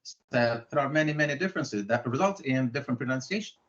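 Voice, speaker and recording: Man in mid range, calm expert lecturing, muffled call audio. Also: mid-range voice, quick pace. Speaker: English language expert. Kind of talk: discussion in an online exchange.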